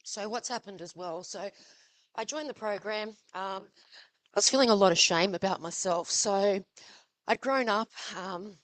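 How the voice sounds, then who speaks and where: A woman, a guest speaker sharing a personal testimony at a live event, halting with many ums and pauses and a little out of breath. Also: medium pitch. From Australia.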